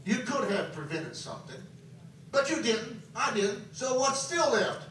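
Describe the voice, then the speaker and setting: High-voiced preacher in an echoing hall. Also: male voice, expressive, a little slow, a bit bright. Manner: emphatic, questions the congregation. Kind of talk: sermon. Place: camp meeting hall. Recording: very echoey, from a distance, faint noise.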